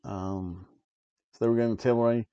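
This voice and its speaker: A man's voice: lowish voice, steady tone, fast, dark tone, clean tone, no room sound. A man hosting a wrestling review podcast, recapping the show in casual chat and laughing often as he goes. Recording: dull lo-fi dry recording.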